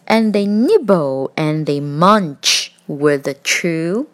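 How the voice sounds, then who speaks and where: A woman reading a rhyming picture book aloud, with an expressive, rhythmic delivery. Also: fairly low pitch, drawn-out words. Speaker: storyteller.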